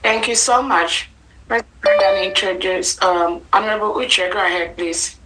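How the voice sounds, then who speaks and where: A woman's voice: medium pitch, steady tone, normal speed, rough recording. Polite woman moderating over music. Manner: polite, calling on speakers. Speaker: meeting moderator. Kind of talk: online meeting moderation.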